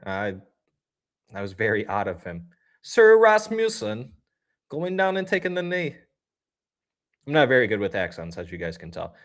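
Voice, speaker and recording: A man in the middle of a casual live game watch-along, chatting to his viewers between plays. His delivery is upbeat and loose, and he jumps up loudly when something happens on the ice. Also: on the low side. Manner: talks straight to chat viewers. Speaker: livestream host.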